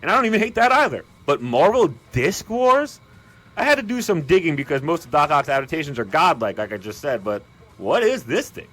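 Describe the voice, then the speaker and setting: A man delivering ranking commentary in an animated, exasperated ranting manner. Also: a little high, fairly quick. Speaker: video commentator.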